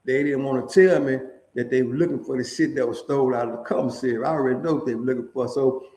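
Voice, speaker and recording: A man's voice: medium pitch, steady tone, fast, warm tone. A middle-aged man, a former prisoner, telling his own prison stories in casual, profane, streetwise talk. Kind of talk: casual storytelling. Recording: echoey room.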